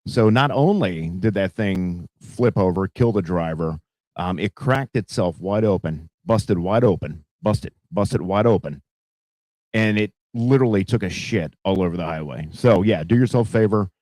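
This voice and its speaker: A man rambles through casual news commentary with plenty of fillers and cursing. His voice is low and mellow. The recording is dry and close. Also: animated, normal speed, dry recording. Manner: profane, rambling, heavy fillers. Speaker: podcast host.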